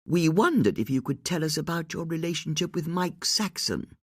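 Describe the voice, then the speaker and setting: A narrator voicing a calm, probing woman sleuth. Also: medium pitch, moderate pace, slightly rough, no echo, clean studio sound, pitched above the performer's own voice. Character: sharp, composed older woman sleuth.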